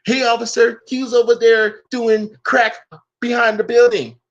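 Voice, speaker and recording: A man's voice: very high voice, level tone, moderate pace, muffled recording, voice pushed up. A man voicing a meek, whiny man pleading with police, in a mocking tone.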